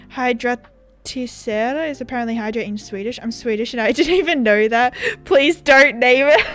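A woman's voice: on the high side, a bit bright. A woman streaming a game live, chatting casually with her chat and giggling often as she plays. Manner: giggly, chatty, talks to chat while playing. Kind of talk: casual gaming livestream chat.

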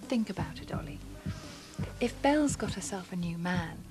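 A woman's voice: on the low side, normal speed, over music, natural voice. An actress playing a cool, persuasive woman who talks her lover round in a TV soap. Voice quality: calm, persuasive. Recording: TV score behind the speech.

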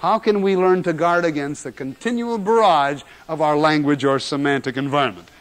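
A man giving a lecture on general semantics, stressing and repeating key words with dramatic pauses, in an old 1970s recording. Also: a little high.

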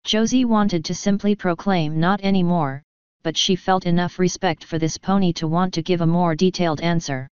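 A woman narrating a fan story in a steady, even reading voice. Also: fairly low pitch, moderate pace, few pauses, clean tone, dry recording, lo-fi sound. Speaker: fanfiction reader. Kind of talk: audiobook-style story narration.

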